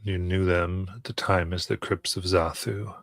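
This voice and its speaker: Game master narrator: a man, low and steady, keeping an even tone. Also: dry recording. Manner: measured, descriptive scene-setting.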